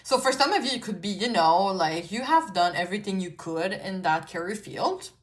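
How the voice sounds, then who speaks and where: A woman with a mid-range voice at normal speed gives a loose pick-a-card tarot reading. She's a native French speaker who chats along, swears a lot and fills space with "like" and "you know."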